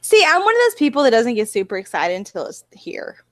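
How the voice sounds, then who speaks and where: A woman's voice: on the high side, big pitch swings, a little fast, no room sound. A woman with a Southern US accent, co-hosting a podcast in casual chat and telling stories at length while acting out her own reactions. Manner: rambling storyteller, acts out her own reactions. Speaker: podcast co-host.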